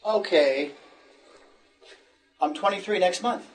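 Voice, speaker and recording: American guy teaching english, slow and patient, sort of far from the mic. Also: high-pitched, soft background music. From United States. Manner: slow, patient, repeats phrases for learners. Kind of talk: classroom lesson.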